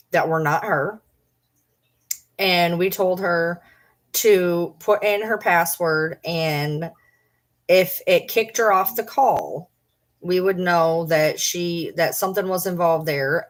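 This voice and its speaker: A middle-aged woman streamer telling a story in a casual, blunt and profane way. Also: fairly low pitch. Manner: blunt, profane, animated retelling.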